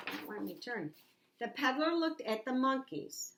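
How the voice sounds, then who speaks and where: A woman teacher reading a picture book aloud to young children, animated and asking them questions. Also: sits high, moderate pace, background noise. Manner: animated, asks the listener questions. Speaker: preschool teacher.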